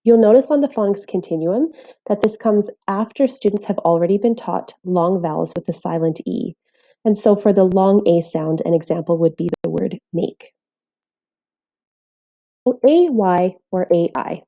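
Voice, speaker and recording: A woman teaching phonics in a scripted voice-over, speaking clearly and carefully while sounding out letters. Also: medium pitch, normal speed, dark tone, muffled recording. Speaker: literacy teacher.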